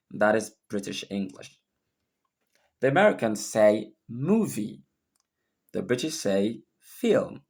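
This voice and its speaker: A man teaching an English lesson and spelling words out letter by letter, with a deliberate delivery. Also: fairly low pitch. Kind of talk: recorded lesson.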